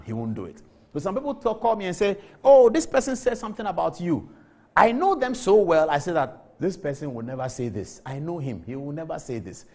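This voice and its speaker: A man's voice: a little high, dark tone. A middle-aged Ghanaian man hosting a TV talk show, giving emphatic studio commentary on the news and repeating words for effect. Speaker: TV show host.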